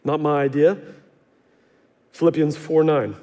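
High-voiced male pastor preaching in a big hall. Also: a little slow. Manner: animated storytelling, acts out quotes, self-deprecating humor. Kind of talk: sermon. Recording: long hall reverb.

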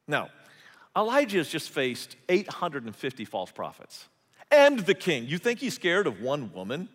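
A man's voice: on the high side, very animated, normal speed, a bit bright. A male pastor preaching a sermon, telling the story conversationally with humorous asides. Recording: long hall reverb.

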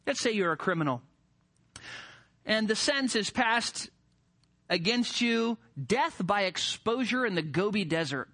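Forceful, animated male preacher. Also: high voice, a little slow, pauses often. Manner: animated, rising emphasis, rhetorical questions. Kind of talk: sermon.

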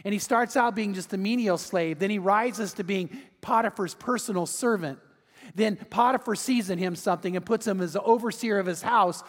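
A high-voiced man preaching to his congregation, his words ringing out in a reverberant hall. He tells the story with animated, lively delivery, often slipping into the voices of the people he quotes. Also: moderate pace. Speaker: pastor. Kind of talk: sermon.

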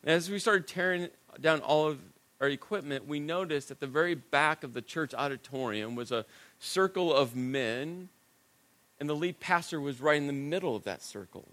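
A middle-aged man preaching a sermon, telling a personal story in a conversational, self-deprecating way and dropping to a hushed voice at serious moments. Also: on the high side, normal speed. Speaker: pastor.

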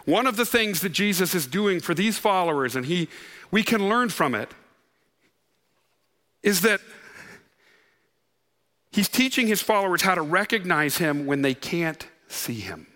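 High, bright-voiced preacher in a reverberant hall. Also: male voice, expressive, unhurried, pauses often. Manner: earnest, rhetorical questions to the congregation. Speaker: pastor. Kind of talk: sermon.

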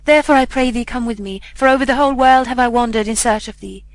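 A woman's voice: fairly high pitch, quick pace, no room sound, natural voice, rough recording. A woman reading the part of a ragged, grieving beggar mother who pleads in a tearful way. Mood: pleading.

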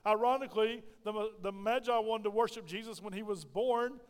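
Middle-aged pastor guy preaching, high smooth voice, lots of church hall echo. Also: normal speed, few pauses. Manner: preaching with call-and-response questions to the congregation. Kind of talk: sermon. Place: church sanctuary. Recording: long hall reverb.

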